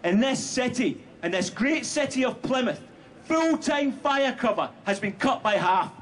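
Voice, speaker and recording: A man giving a rally speech as a union speaker, shouting slogans with rhetorical fire. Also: very high-pitched, expressive, measured pace. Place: outdoor street rally. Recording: noisy outdoor rally audio.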